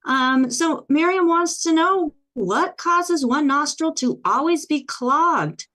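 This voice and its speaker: Brisk woman hosting a health show. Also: high voice, lively intonation, pushed and bright. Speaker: show host.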